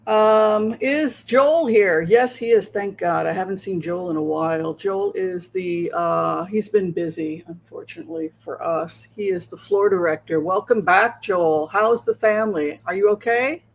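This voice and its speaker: A woman's voice: medium pitch, animated, a little slow, creaky, few pauses, poor audio. Chatty woman hosting a livestream. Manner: chatty and rambling, checking with viewers. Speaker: tarot reader and livestream host. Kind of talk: casual livestream chat.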